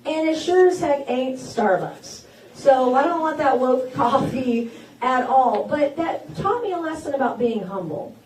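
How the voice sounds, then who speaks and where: A woman's voice: sits high, lively intonation, unhurried, darkish tone, a little hiss or hum. A woman in her forties gives a campaign stump speech, telling folksy personal stories that build to rousing declarations. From South Carolina. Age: 40s. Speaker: politician at a campaign town hall. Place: event hall with an audience. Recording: echoey hall, voice caught from a distance.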